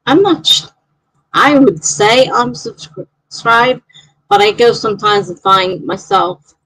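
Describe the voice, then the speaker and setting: Gravelly-voiced woman chatting on a live stream. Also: on the high side, expressive, measured pace, a bit bright, no room sound, poor audio. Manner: chatty, rambling, reads viewer comments aloud. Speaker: live-stream host reading chat. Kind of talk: casual live-stream chat.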